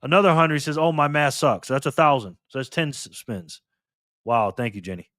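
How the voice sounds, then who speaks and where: A man hosting a casual livestream, calling out viewers and donations with upbeat shout-outs. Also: a little high, expressive, brisk, no echo, studio quality. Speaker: livestream host.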